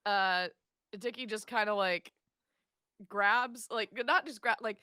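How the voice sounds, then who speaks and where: A woman's voice: medium pitch, slow pace, pushed and bright, smooth, no room sound, studio quality. A woman playing a tabletop game, hesitant and exasperated, firing off questions. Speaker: player. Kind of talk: tabletop role-play chat.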